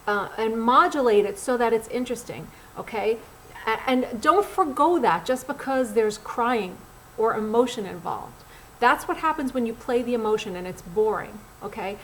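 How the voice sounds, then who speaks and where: A middle-aged woman, a casting director and acting coach, giving acting tips straight to camera in a blunt, animated, conversational way. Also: a little high, slight background noise, poor audio. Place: Los Angeles.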